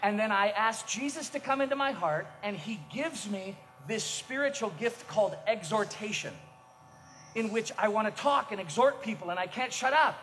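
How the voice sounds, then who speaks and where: A middle-aged man preaching a sermon as a pastor, telling self-mocking stories with energy and bursts of shouting. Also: high voice, lively intonation, moderate pace, faint music behind. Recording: echoey hall, faint noise.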